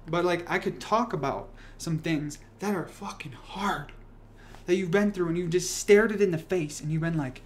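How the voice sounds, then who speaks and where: Pitched high and moving at an ordinary pace, this young livestream host swears his way through animated rants and stray tangents as he reads out comments. There's a little background noise.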